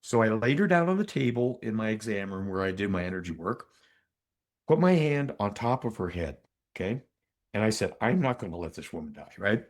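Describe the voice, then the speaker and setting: An older man, a physician and energy healer, telling a story as a podcast guest in an animated, emphatic way with asides to the listener. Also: fairly low pitch, normal speed. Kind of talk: conversational storytelling in an interview.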